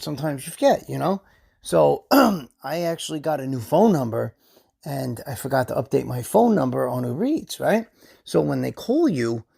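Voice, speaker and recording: A vlogger tells a long, rambling, profane story in a heated, indignant rant, his voice on the high side, gravelly, a little mellow and slightly rough. Nearly every line is peppered with "you know" and "right?".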